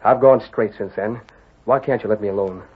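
A man's voice: fairly low pitch, a little fast, husky. A man voicing a young ranch foreman with a plain western drawl, in 1940s radio style. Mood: tense. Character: young male ranch foreman, hiding an outlaw past. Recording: tinny old radio broadcast.

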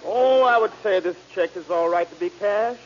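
A man's voice: sits high, moderate pace, close to an everyday voice. An actor playing a prim, formal male bank vice president who speaks politely and carefully, in 1940s radio comedy acting. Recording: old radio broadcast, dull and hissy.

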